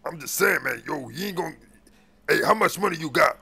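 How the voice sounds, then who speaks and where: A man's voice: a little high, animated, fairly quick, creaky, pushed and bright, breathy edge, exaggerated voice. A man playing a crooked male police officer after a bribe, talking in slangy street speech full of stammered fillers, in an improvised game role-play. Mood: scheming.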